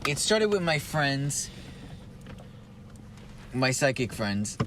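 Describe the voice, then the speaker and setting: A man's voice: medium pitch, sing-song, slow, a bit bright, slight background noise. Rambling young man telling a story. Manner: rambling, heavy "like" fillers and swearing. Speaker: podcast co-host. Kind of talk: casual storytelling among friends.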